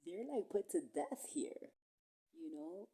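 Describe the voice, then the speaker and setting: A woman in a casual, rambling monologue, talking in a profane, streetwise way that swings between low murmurs and sudden loud bursts. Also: slow, husky, poor audio. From small town.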